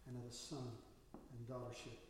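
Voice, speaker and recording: A man's voice: medium pitch, level tone, normal speed, slight background noise. A man as pastor, preaching a sermon in a church with storytelling that rises to emphatic bursts. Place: church sanctuary. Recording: echoey hall from far off.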